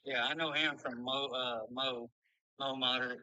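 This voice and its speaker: A man's voice: mid-range voice, fairly even intonation, moderate pace, bright, forceful tone, clear, resonant tone, dry recording, lo-fi sound. A man from Arkansas with a Southern accent calling in on his lunch break, friendly and polite. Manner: friendly, polite, says sir and buddy. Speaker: caller, truck driver. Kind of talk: casual call-in chat.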